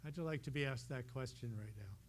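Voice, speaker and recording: Animated man telling a testimony. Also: medium pitch, fast, a little hiss or hum. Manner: animated storyteller, addresses listeners directly. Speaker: speaker sharing a healing testimony. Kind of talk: testimony told to a congregation. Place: meeting room holding about a hundred people.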